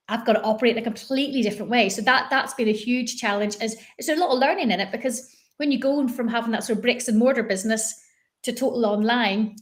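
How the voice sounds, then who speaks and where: A woman from Northern Ireland with a Northern Irish accent, a business coach talking in a chatty, animated way as an interview guest. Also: a little high. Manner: chatty, animated, many fillers and restarts. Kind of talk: conversational interview.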